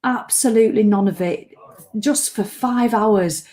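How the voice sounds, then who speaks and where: Woman vlogger, mid-pitched voice, rambling and emotional, acts out her anxious inner thoughts. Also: unhurried, mellow. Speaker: online business owner and vlogger. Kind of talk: casual reflective talk to camera.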